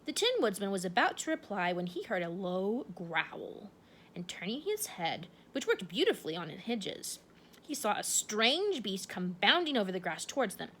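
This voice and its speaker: A woman reading a children's storybook aloud, her delivery expressive and full of swooping pitch. She tells the tale warmly paced for listeners following along. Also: normal speed, slight background noise. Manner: expressive, animated. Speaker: storybook reader.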